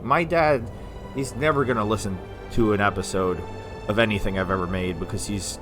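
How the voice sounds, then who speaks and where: A man from the United States giving casual, rambling let's-play commentary as a gaming video host, sometimes slurring syllables when excited. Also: lowish voice, normal speed, over music. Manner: rambling, chatty, self-deprecating.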